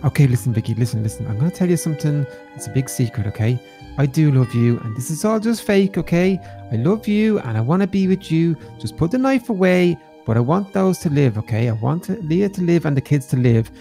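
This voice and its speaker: A man playing a fast-talking, gravelly young family man. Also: on the high side, animated, mellow, faint music behind. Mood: coaxing. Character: young adult man defending his family, exasperated. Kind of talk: Minecraft role-play voice acting.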